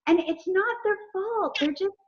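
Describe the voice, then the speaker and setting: Lively high-voiced woman telling stories. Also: a little slow. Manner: animated storyteller acting out dialogue. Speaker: executive coach, guest. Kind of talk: casual interview conversation. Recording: dull lo-fi sound.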